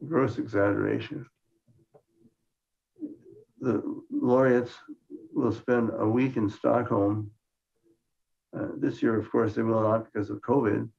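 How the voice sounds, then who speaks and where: A man's voice: fairly low pitch, vocal fry, darkish tone. An older man from Minnesota giving a science lecture with dry, understated humor, often restarting his phrases. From Minnesota, United States. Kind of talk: conference lecture with slides. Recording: muffled lo-fi lecture recording.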